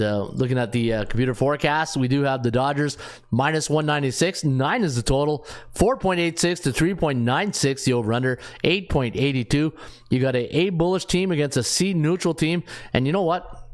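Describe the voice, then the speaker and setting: A man's voice: medium pitch, moderate pace. A man hosting a sports betting show, running through his picks in a casual way, thinking aloud and reading off stats with lots of fillers.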